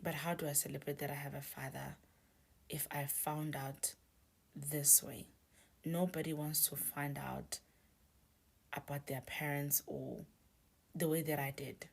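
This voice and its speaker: Low gravelly woman, hushed. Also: fairly even intonation, a little slow, long pauses. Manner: hushed, often near-whispered delivery; hesitant, with restarts and filler "like". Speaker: storyteller. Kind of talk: confessional storytime.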